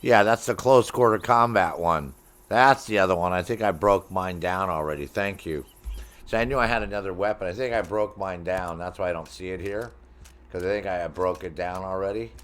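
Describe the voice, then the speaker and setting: Deep-voiced middle-aged guy streaming a game, rambling to chat, swears a lot, jokes around. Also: moderate pace, fairly bright tone. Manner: rambling, profane, jokey, talks to chat. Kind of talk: casual gaming stream chat.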